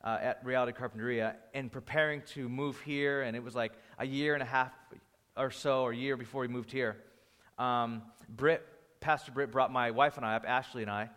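A pastor teaches a Bible class conversationally, with restarts and anecdotes, his energy rising when he tells stories. His medium-pitched, fairly bright voice is a little fast and fairly even in intonation, heard with a big-room sound.

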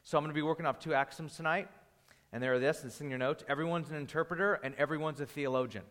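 A pastor teaches a church class in a relaxed, conversational way, full of restarts and stories. His voice sits a little high for a man. The sound rings with the long reverb of a large hall. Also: fast talker. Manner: conversational, restarts and anecdotes, rising energy when storytelling.

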